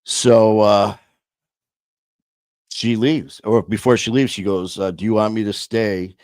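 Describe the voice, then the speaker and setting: A man hosting his own show, telling a personal story in a slow, reflective way with many pauses and fillers. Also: on the low side, level tone, darkish tone, no echo, studio quality.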